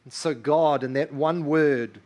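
A man's voice: a little high, a little slow, a little mellow. A man in his thirties preaching a sermon, earnest and emphatic, often asking his listeners rhetorical questions. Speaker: pastor.

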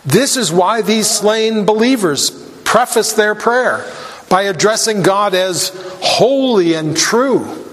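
A man preaching a sermon in a high, measured voice that takes its time over every phrase. He grows emphatic, and his voice lifts when he reads scripture aloud. The sound rings with a long hall reverb. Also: a bit bright. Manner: deliberate, emphatic with rising intensity on quoted scripture.

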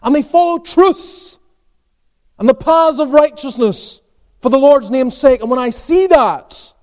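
A pastor preaching a sermon, asking rhetorical questions and answering them, swinging from emphatic peaks to quiet asides. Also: male voice, very high voice, lively intonation, measured pace.

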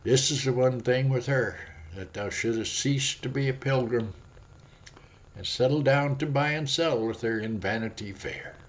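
A man preaching a devotional sermon in a slow, dramatic delivery. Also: mid-range voice. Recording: dull lo-fi audio.

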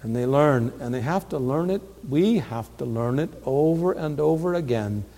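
Earnest preacher in a reverberant hall. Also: male voice, mid-range voice, animated, moderate pace. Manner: earnest, swings from hushed to loud emphatic. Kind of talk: sermon.

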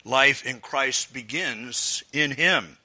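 A man's voice: medium pitch, slow, sharp tone. A man preaching an expository sermon, earnest and emphatic, building up through repeated phrases. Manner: earnest, emphatic, with swelling repetitions.

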